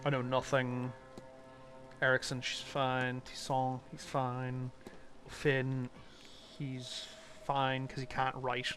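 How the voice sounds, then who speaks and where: A man's voice: medium pitch, completely flat delivery, slow pace, a bit bright, soft background music. A man streaming a detective game, casually thinking aloud and muttering through clues. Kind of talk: casual live-stream commentary.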